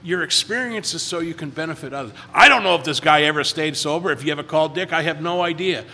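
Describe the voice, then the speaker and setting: A man's voice: on the high side, fast talker, pushed and bright, long reverb tail. A man in recovery telling stories at a meeting, rambling and repeating words as he acts out quotes in a casual way. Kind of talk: casual storytelling talk.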